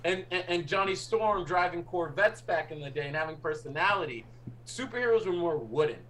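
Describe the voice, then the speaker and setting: A man's voice: on the high side, expressive, a little fast, fairly bright tone. A man co-hosting a casual podcast chat, enthusiastic and laughing often. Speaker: podcast co-host.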